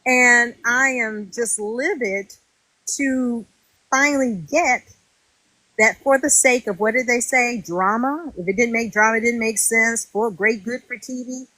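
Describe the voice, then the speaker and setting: An indignant woman recounts her time on a reality show, slipping into the voices of the people she quotes. Her voice sits a little high, and she is recorded close with a dry, dead sound. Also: unhurried, dry recording, rough recording. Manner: animated and indignant, acts out quotes. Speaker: former reality show contestant. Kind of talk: casual interview storytelling.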